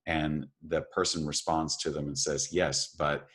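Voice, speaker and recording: An earnest man with an extremely low, deep voice, co-hosting a reflective conversation. He talks in an encouraging way and circles back to key phrases for emphasis. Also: flat delivery, normal speed, slightly rough. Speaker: podcast co-host.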